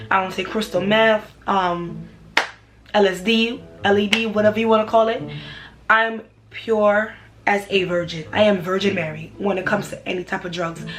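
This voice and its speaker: Slangy New woman telling a story. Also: medium pitch. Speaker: vlogger. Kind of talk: storytime vlog.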